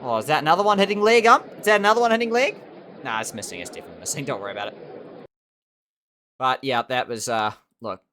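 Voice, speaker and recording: A young man giving excitable, animated play-by-play commentary over a cricket management game. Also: mid-range voice, fast, a little hiss or hum. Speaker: gaming channel host.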